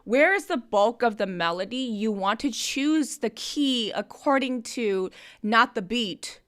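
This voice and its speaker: Bright, clear-voiced woman giving vocal coaching. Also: on the high side, animated, a little slow. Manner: coaching, talks through technical vocal notes. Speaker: music review host and vocal coach. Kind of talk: live-stream feedback on submitted songs.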